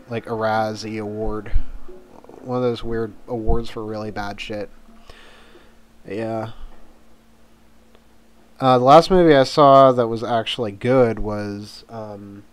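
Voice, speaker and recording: Rambling young man in a vlog. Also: medium pitch. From Mon Valley, Pennsylvania. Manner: rambling, offhand, swears casually. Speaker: vlogger. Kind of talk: casual tag video chat.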